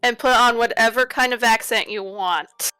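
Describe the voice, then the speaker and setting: A woman from Newfoundland playing a tabletop game, chatting in a quick, playful way. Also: on the high side, pushed and bright, clean tone, no echo, soft background music, poor audio. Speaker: player. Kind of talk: casual chat.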